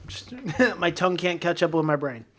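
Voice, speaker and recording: A man's voice: a little high, normal speed, crowd noise. A man co-hosting a podcast, talking animatedly and a little slurred, acting out quotes. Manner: animated, slurs words, acts out quotes. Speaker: podcast co-host. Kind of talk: casual chat.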